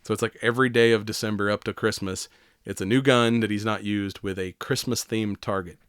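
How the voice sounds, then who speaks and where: A man's voice: fairly low pitch, fairly even intonation, fairly quick, smooth, no echo, studio quality. A man co-hosting a casual podcast chat, laughing often, swearing freely and acting out quotes. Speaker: podcast co-host.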